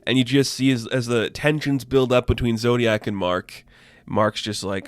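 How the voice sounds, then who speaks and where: A man giving a casual, excited comic book review, talking loosely and swearing freely. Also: medium pitch, normal speed, no echo.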